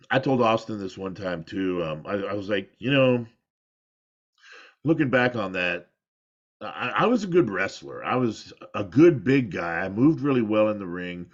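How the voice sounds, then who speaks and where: A middle-aged man with a lowish voice tells old war stories in a loose, rambling way, often laughing at his own past mistakes. The sound is dull and lo-fi, as if it were compressed. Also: a bit bright. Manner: rambling, self-deprecating, laughs at himself. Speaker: former pro wrestler, guest. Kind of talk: candid interview storytelling. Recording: dull lo-fi audio.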